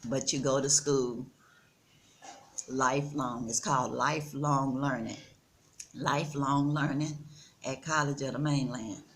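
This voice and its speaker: Slow-talking Texan woman in her sixties. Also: extremely low pitch, fairly even intonation, slight background noise. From Texas. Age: 60s. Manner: slow, earnest, addresses viewers as y'all. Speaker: vlogger. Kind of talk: casual chat. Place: outdoors in the Gambia.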